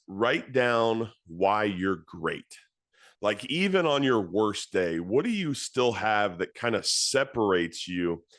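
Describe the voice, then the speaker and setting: A man in his thirties, a football coach, tells a story in an earnest way and leans on repeated phrases. His voice sits fairly low. The sound is dry and close, with no room around it. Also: a bit bright, no echo. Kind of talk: motivational talk to coaches.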